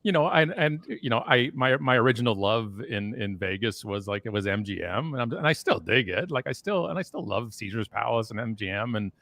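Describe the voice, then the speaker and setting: A man in his forties on a video call, telling stories in a casual, animated way that often slides into a rant. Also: fairly low pitch, a little fast, hardly any pauses, dry recording. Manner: animated ranting storyteller. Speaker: guest. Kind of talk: casual chat on a live stream.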